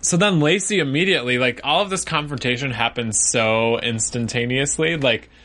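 A man with a bright, forward voice chats casually about a TV episode with friends. He is animated and laughs often, with a medium-pitched voice. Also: moderate pace. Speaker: TV recap podcast co-host. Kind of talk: casual chat.

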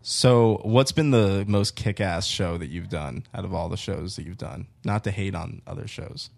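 Low gravelly man hosting a podcast. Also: normal speed, darkish tone. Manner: joking, easygoing interviewer. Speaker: podcast host. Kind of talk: casual podcast chat.

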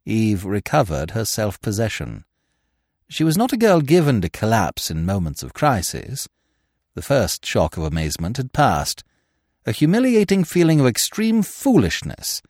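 A man narrating an audiobook in a measured, expressive reading as the podcast host. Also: mid-range voice, no room sound, clean studio sound. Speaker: host and reader.

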